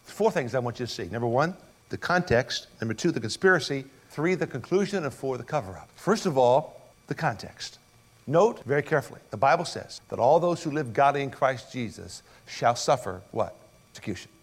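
A man's voice: mid-range voice, sing-song, fairly quick. A male pastor preaching an expository sermon, emphatic and asking rhetorical questions.

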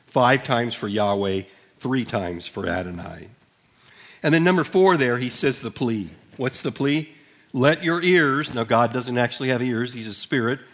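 A male pastor in the middle of a sermon, his voice sitting at an ordinary pitch for a man. He speaks earnestly and deliberately, leaning into each line of scripture he reads aloud. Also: a bit bright.

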